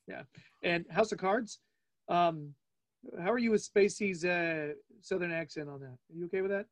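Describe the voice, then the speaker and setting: A man in his forties hosting a casual interview, playful and chatty, with quick asides. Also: high voice. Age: 40s. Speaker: podcast host.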